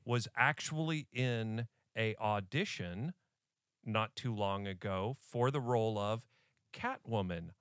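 A man's voice: lowish voice, takes it slowly, fairly bright tone, clean tone, dry recording, studio quality. A man hosting a podcast in casual chat, jokey and often laughing. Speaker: podcast host.

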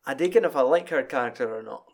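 A young man with a Scottish accent talks casually and animatedly, swearing often and breaking into quick acted-out bits. His voice sits at an ordinary middle pitch. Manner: animated, swears freely, acts out scenes with quick voices and laughter. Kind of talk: casual chat.

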